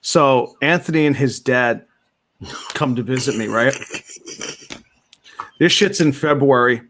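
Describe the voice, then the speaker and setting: A man from New Jersey, a guest on a chat show, telling a story in an animated way and laughing as he goes. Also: medium pitch, a little slow, a little hiss or hum. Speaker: comic creator, guest.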